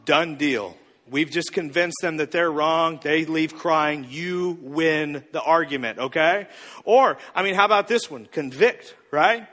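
A man's voice: a little high, a little slow, fairly bright tone. A man playing a cocky, smug advice guru who teases and drills the audience. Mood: scheming. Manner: mock-confident, teasing, drills the audience. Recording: reverberant hall.

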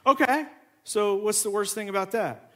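A man who is a pastor, preaching a sermon and acting out both sides of a conversation in an animated storytelling way. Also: high-pitched, moderate pace.

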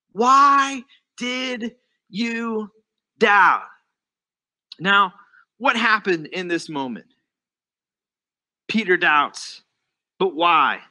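A man preaching a sermon, animated and acting out the voices of the people in the story he tells. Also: high-pitched. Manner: animated, acts out quoted voices. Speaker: pastor.

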